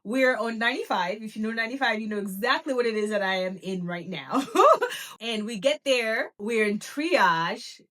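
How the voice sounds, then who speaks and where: A woman in her thirties hosting a podcast, telling a personal story in a casual, lively way and acting out what people said. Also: a little high, normal speed. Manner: animated, laughing, acts out quoted talk. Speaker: podcast host.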